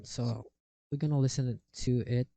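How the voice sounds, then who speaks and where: A man slowly talking through a software tutorial step by step on a cheap desktop microphone. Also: mid-range voice, steady tone, vocal fry, no echo. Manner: slow, step-by-step instructions. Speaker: tutorial creator.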